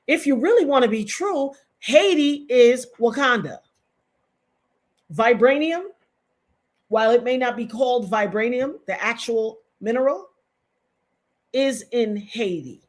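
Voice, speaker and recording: A woman's voice: on the high side, lively intonation, measured pace, pauses often. A middle-aged woman giving impassioned, emphatic live-stream commentary to her chat, repeating points for stress.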